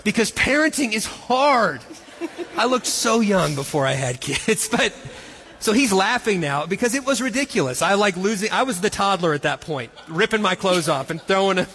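A man's voice: high-pitched, lively intonation, normal speed, pushed and bright, big-room sound. A man in his forties telling a self-mocking story, then speaking earnestly as co-host of a Christian marriage session. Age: 40s. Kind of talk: storytelling and encouragement talk.

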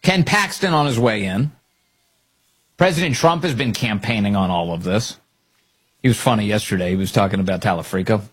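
A man's voice: lowish voice, fairly quick, husky. A middle-aged man hosting opinionated political commentary, sarcastic and mocking, laughing often.

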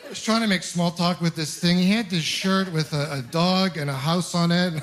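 A young man from Ontario performing a stand-up comedy set on a club stage, telling animated, self-mocking stories into a handheld mic. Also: high-pitched, brisk, few pauses. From Ontario, Canada.

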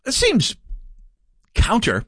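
A man's voice: extremely high pitch, huge pitch swings, slow, a bit bright, breathy edge, dry recording, studio quality. A man from North Dakota hosting a political talk radio show, delivering commentary with sarcastic, mocking asides.

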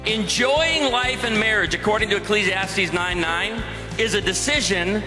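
A man's voice: high-pitched, moderate pace, over music. A man giving a humorous sermon to a live audience, telling stories with lots of energy. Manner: energetic, joking storyteller. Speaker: guest speaker. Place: large university auditorium. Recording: long hall reverb, faint noise.

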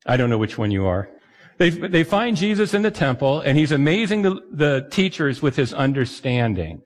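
With a fairly high-pitched voice, lively intonation and a fairly quick pace, a male pastor gives a conversational sermon. He regularly questions the audience, and long hall reverb colors the recording.

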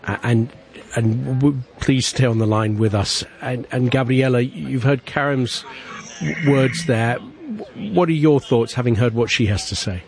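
A man hosting a broadcast interview, speaking gently with small stammering restarts. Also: mid-range voice, unhurried, creaky. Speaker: interview host.

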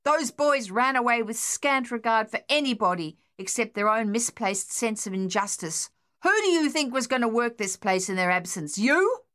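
A man's voice: sits high, normal speed, few pauses, sharp tone. Woman narrator doing a harsh furious old rancher husband, blustering and barking.

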